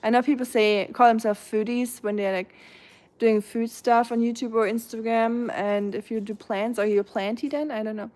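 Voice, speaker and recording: A woman's voice: on the high side, fairly even intonation, moderate pace, darkish tone. Chatty woman with a German accent. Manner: chatty, rambling, many fillers and restarts. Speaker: live streamer reading chat. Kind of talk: casual live-stream chat.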